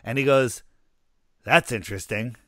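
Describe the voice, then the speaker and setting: A man's voice: medium pitch, moderate pace, sharp tone, dry recording, studio quality. A man co-hosting a casual podcast chat, telling an anecdote and acting out the people in it. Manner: storytelling, acts out quoted people. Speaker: podcast co-host.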